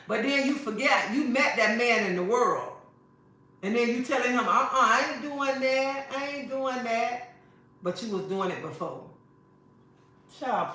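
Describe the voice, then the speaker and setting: Woman, livestream host, sassy and preachy, bright tone, very echoey room. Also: a little high. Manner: preachy, sassy, repeats phrases. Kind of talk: casual livestream talk to viewers.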